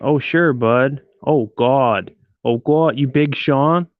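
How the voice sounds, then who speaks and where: On his laid-back live stream, a man from Detroit rambles and jokes at his viewers' expense, talking slowly in a mid-range voice. The audio is dry and tinny like a phone, with no room sound at all.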